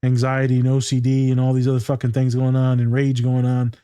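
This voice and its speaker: A man's voice: mid-range voice, completely flat delivery, brisk, mellow, clear, resonant tone, no room sound. A man hosting a podcast, talking candidly and casually with a lot of swearing. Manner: candid and heavy on profanity. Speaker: podcast host.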